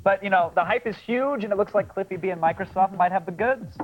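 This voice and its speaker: A man co-hosts a live television show, firing off quick, joking questions at a slightly high pitch. He talks very fast. The sound is dull and lo-fi, like an old archived broadcast. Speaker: co-host and interviewer. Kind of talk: live TV talk show chat.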